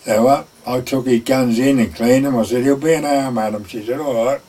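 This older man's voice is mid-range, steady, and dark in tone, moving a little fast. Once a gamekeeper, he shares a folksy oral-history anecdote and imitates the people in it, heard from some distance away.

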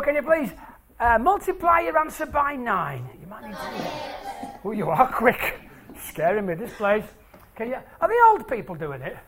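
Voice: medium pitch, a bit bright. A stage presenter doing maths tricks live for an audience in a hall, playful and jokey as they draw the crowd in.

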